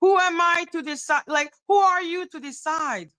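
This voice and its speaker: A woman hosting a livestream, talking straight to her chat in an animated, repetitive rant broken up by laughter. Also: very high-pitched, normal speed, no room sound, low-quality recording. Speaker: livestream host.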